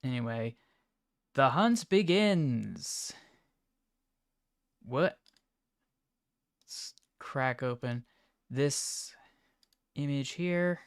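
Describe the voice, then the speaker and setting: A man livestreaming, reacting to chat images in an offhand, mumbling way with sudden excited outbursts. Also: medium pitch, drawn-out words, pauses often, clean tone, no echo, clean studio sound. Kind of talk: casual live-stream commentary.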